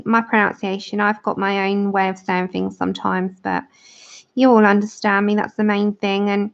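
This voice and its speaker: On her livestream, a British woman colours and chats casually with her audience, laughing often as she answers comments. She speaks at normal speed in a gravelly, mid-range voice with little pitch movement, over dull lo-fi audio.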